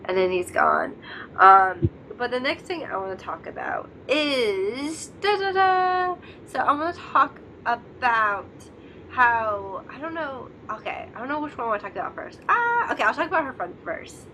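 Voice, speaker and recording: A woman's voice: on the high side, big pitch swings, moderate pace, sharp tone, a little hiss or hum. A young woman co-hosting a casual drama discussion, chatty and giggly, acting out scenes in quoted voices. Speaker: co-host of a drama discussion channel. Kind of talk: casual chat.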